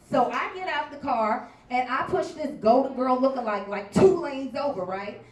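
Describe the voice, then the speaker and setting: A woman performing a stand-up set, telling her stories in a brash, loud way with big swings in volume. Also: high-pitched, normal speed, far from the mic, slight background noise. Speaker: stand-up comedian. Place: bar comedy stage before a live crowd. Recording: echoey bar room recorded from afar.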